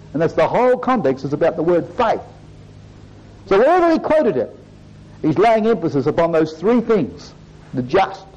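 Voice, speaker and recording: A high-voiced man preaching, his pitch swooping widely from low murmurs to lifted peaks. He delivers the sermon in a rhythmic preaching cadence. The recording is dull and lo-fi, with the top end muffled. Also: mellow. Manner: rising and falling preaching cadence, repeated "brothers and sisters".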